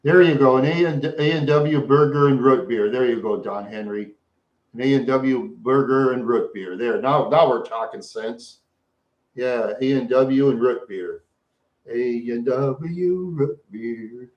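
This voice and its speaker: A man's voice: mid-range voice, measured pace, lo-fi sound. A man hosting a live stream, chatting with viewers in a rambling, repetitive way. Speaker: livestream host. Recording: roomy echo.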